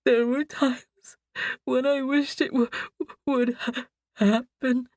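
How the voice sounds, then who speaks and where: A woman's voice: medium pitch, very slow, creaky, a little mellow, husky, no echo, clean studio sound, voice pushed up, exaggerated voice. A woman voicing a grieving young man who mumbles and sobs in his sleep, his words muffled and weak. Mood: sobbing.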